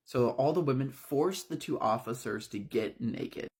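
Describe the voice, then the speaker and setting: A man's voice: medium pitch, measured pace, darkish tone. A man casually retelling a horror story, in a loose, conversational way.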